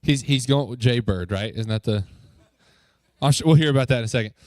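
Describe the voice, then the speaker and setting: A man leading a youth group as its pastor, upbeat and joking, coaxing the crowd with quick questions. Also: mid-range voice, darkish tone, no echo, studio quality. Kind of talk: lively talk to a youth group. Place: church youth room.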